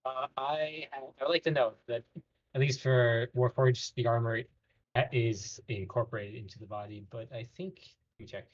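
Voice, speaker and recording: Hesitant player on a dull lo-fi mic. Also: male voice, medium pitch, steady tone, normal speed. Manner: hesitant, thinking aloud. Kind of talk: tabletop game chat.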